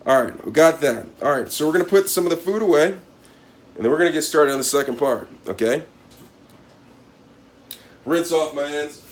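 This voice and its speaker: A man's voice: a little high, animated, moderate pace, pauses often. Mock-serious man hosting a cooking video. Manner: mock-serious, repeats a catchphrase, talks to viewers as he works. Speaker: cooking channel host. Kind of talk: casual cooking demonstration to camera.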